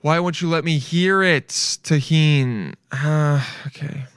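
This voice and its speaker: A man hosting a casual solo podcast, excitable and profane, thinking out loud as he talks. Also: fairly high pitch, slow, smooth, no echo, clean studio sound. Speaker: podcast host.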